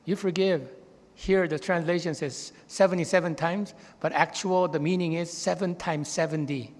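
In a church sanctuary with a big-room sound, a male pastor preaches at a moderate pace with fairly even intonation. His sermon is built around anecdotes, and he plays the people in his stories by lifting his pitch for their lines.

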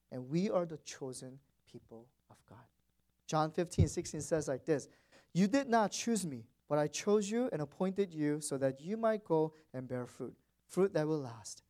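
A man's voice: fairly high pitch, animated, moderate pace, dark tone. Man preaching an emphatic sermon. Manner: emphatic preaching with repeated phrases and rising stresses. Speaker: pastor.

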